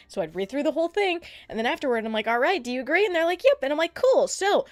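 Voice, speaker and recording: A woman streamer chats casually and rambles excitedly, swearing often. Her voice is fairly high and jumps around a lot. Faint music plays under her talk. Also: quick pace, few pauses, no echo.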